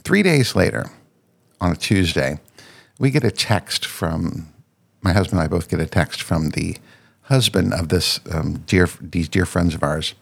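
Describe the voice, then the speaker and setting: A man's voice: low-pitched, expressive, unhurried, creaky, breathy edge. A man hosting his own podcast, casually telling a rambling personal story and often restarting his sentences. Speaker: podcast host.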